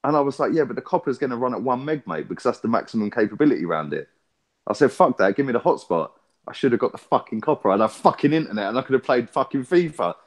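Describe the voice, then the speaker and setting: A man's voice: mid-range voice, sing-song. A man, swearing and telling a long story in a casual podcast chat. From England. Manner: swearing, storytelling with rapid back-and-forth. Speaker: podcast co-host.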